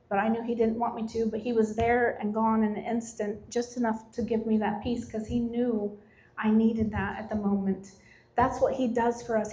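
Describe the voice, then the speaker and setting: A middle-aged woman shares her faith testimony in an earnest, steady way. Her voice sits fairly high but stays level, with little rise and fall. She slows down to stress each line of scripture. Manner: earnest, reads scripture with slow emphasis. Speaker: testimony speaker.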